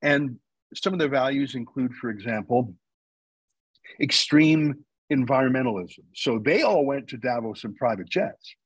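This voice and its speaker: A man's voice: medium pitch, lively intonation, measured pace, slightly rough, dry recording, poor audio. A man from Canada speaking as a guest in a radio interview, making his case in an argumentative, emphatic way and answering his own rhetorical questions. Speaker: guest, news company founder.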